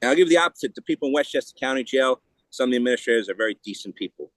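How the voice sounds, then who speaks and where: A man speaking as a podcast guest in a heated, rapid way, often restarting and repeating words. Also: medium pitch, lively intonation, dry recording. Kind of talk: casual interview talk.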